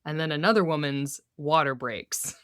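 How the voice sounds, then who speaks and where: A woman's voice: low voice, moderate pace, fairly bright tone, smooth, no echo, clean studio sound. A woman co-hosting a podcast, recapping a TV episode in casual chat, laughing often and acting out characters' lines. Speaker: podcast co-host.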